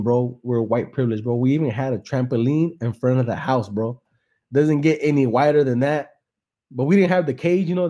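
Man, young adult, mellow warm tone, profane laid-back storytelling, mixes English and slang. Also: mid-range voice. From San Jose, California. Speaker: comedian and podcast host. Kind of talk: casual joke-telling on a live podcast.

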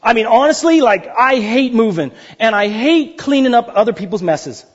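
A pastor in his thirties delivers a lively sermon in a high, husky voice. He swings between loud, high exclamations and slow, hushed pleading. The recording sounds dull and lo-fi.

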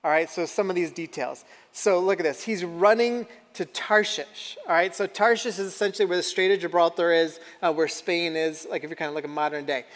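High-voiced man preaching in an echoey hall. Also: a little fast, few pauses, fairly bright tone. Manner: conversational, asks the audience questions. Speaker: pastor. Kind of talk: sermon.

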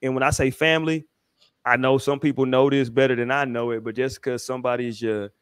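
A man's voice: medium pitch, steady tone, fairly quick, clean tone, no room sound, clean studio sound. A man from Houston hosting a podcast, talking in a laid-back, heartfelt way with lots of fillers. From Houston, Texas. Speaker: podcast host. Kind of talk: casual podcast chat.

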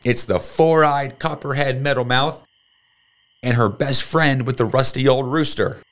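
A man voicing a schoolboy bully with a taunting, drawn-out delivery. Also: medium pitch, close to an everyday voice.

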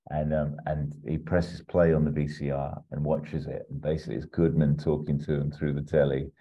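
A man's voice: a bass voice, flat delivery, normal speed, slightly rough. A man casually talking through an imagined film plot as a podcast host, rambling with lots of ums and asides. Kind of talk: casual chat. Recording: dull, muffled audio.

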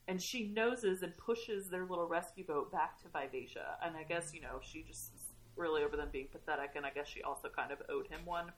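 A woman telling a story in a casual, animated way, swearing often and laughing at the funny parts. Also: lowish voice, fairly quick. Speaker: podcast host recapping a book. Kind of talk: casual chat.

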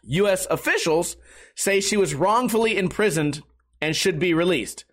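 Young guy with a high voice, rambling and swearing, mocks himself a lot, talk show host. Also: animated, moderate pace, fairly bright tone. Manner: rambling, self-mocking, swings between high and low pitch. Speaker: podcast host. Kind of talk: casual profane rant.

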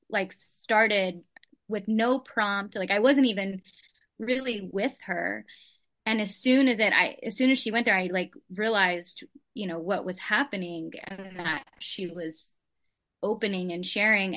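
A woman's voice: mid-range voice, fairly bright tone. A woman in a study group telling a personal story in an earnest, chatty way, full of "like"s.

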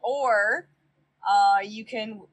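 A woman's voice: mid-range voice, very slow, slightly rough, rough recording. A woman in casual gaming chat, helpfully explaining game routes step by step.

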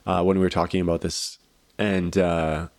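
A man's voice: low-pitched, flat delivery, moderate pace, darkish tone, dry recording. A man co-hosting a podcast, talking casually and rambling with lots of "like" fillers and easy laughter. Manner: rambling, heavy use of "like" fillers; laughs easily. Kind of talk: casual conversation.

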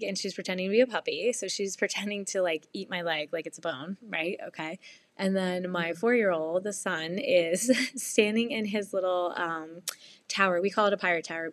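A woman's voice: lowish voice, dry recording. A woman in her thirties casually telling a story about her kids in a chatty vlog, laughing often. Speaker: mom vlogger. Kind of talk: casual chat.

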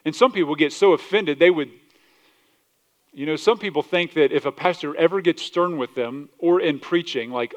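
In a recording with the highs cut off, a man preaches as pastor at normal speed, full of passion, moving between loud declarations and quiet asides. He quotes scripture, acts out quoted voices, and questions the congregation, using a southern "y'all."

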